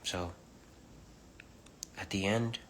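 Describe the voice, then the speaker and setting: A man giving an informal spiritual message on a live stream, speaking softly and haltingly with many pauses, mixing English and Spanish. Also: low-pitched, steady tone, slight background noise. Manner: soft-spoken, halting, many pauses and fillers; switches between English and Spanish. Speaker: preacher on a livestream. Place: home livestream. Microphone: phone or webcam.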